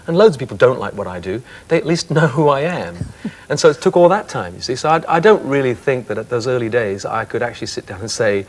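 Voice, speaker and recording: A man in his fifties, a singer guest on a chat show, reflecting candidly on his career in a thoughtful, soft-spoken way. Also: mid-range voice, lively intonation, fast talker.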